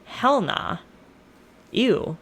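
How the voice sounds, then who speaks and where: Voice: medium pitch, lively intonation, very slow, a bit bright, breathy edge, pitched above the performer's own voice, heavily acted. Narrator doing a freaked-out young king, swearing, slangy, total modern bro. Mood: worried. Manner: slangy, profane, exasperated. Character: crude panicky young king, man.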